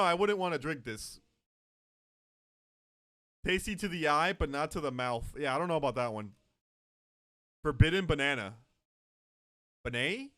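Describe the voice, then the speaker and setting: A man's voice: a little high, no echo, clean studio sound. A man streaming live, chatting casually and joking with his chat. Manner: joking, animated, talks to chat.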